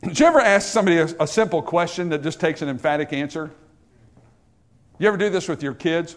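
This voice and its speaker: A man's voice: a little high, expressive, quick pace. A man preaching a sermon, emphatic and conversational, asking the congregation rhetorical questions. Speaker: pastor.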